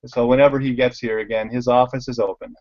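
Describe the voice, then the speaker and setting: Speaking fast in a mid-range voice over dull audio, a man who owns a bike shop narrates stories alongside slides. He performs the quoted voices of the characters, staying animated and laughing a lot.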